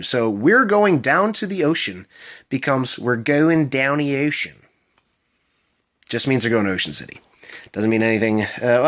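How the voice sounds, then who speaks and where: A man's voice: on the low side, a bit bright. A young man from Maryland with a Baltimore accent, chatting casually in a vlog, rambling with lots of fillers and self-mocking asides. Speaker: vlogger.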